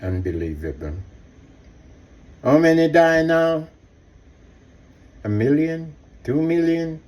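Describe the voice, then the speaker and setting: A man's voice: on the high side, steady tone, slow pace, lo-fi sound. A man giving an impassioned commentary monologue, repeating himself and speaking straight to his listeners. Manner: impassioned, repetitive, addresses listeners directly.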